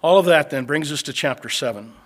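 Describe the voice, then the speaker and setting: Emphatic preacher with a fairly high voice. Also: male voice. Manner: swings between loud emphatic lines and quiet low asides; slows down to stress key phrases. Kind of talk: sermon teaching through a book of scripture.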